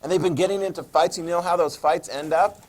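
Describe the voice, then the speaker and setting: A man's voice: on the high side, fairly even intonation, brisk. A man teaching a history class, joking and checking in with questions. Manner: jokey, asks the class questions, "okay?" checks. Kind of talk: classroom lecture.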